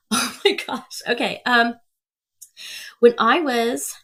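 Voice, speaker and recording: A woman's voice: on the high side, drawn-out words, sharp tone. A woman in her thirties, a podcast guest telling stories with energy, laughing often and acting out the people she quotes. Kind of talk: casual storytelling.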